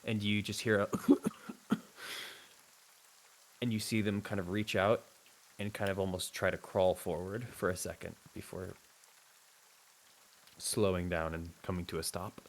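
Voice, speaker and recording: Man, game master, low voice, rambling hesitant narration, faint hiss. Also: steady tone, moderate pace, low-quality recording. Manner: rambling, hesitant scene description.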